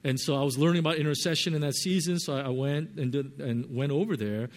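A man preaching a sermon, telling a personal story with lively swings between loud and soft earnest tones. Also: fairly high pitch, fast talker. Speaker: pastor.

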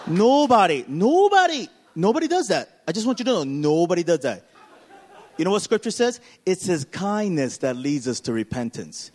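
High-voiced man preaching with fire. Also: normal speed. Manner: animated preaching, swinging from loud to hushed. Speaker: pastor. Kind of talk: sermon.

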